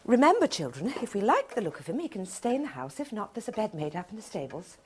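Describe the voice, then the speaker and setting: A prim, deadpan politician's wife. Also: female voice, medium pitch, fast. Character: prim middle-class politician's wife, cool and dry. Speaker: sitcom character. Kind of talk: sitcom acting. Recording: noisy TV clip.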